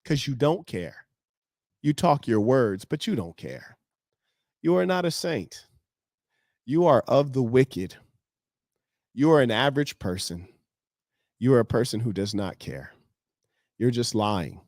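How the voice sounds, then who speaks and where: A man's voice: mid-range voice, lively intonation, measured pace, pauses often, darkish tone, no room sound, studio quality. An American man streaming live, lecturing his viewers in a confrontational monologue. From United States.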